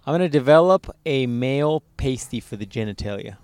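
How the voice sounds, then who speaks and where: A man's voice: mid-range voice, fairly quick, smooth, no echo. A man co-hosting a podcast, joking in loose crude banter and telling stories with a lot of swearing. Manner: loose, swearing, animated storytelling. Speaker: podcast co-host.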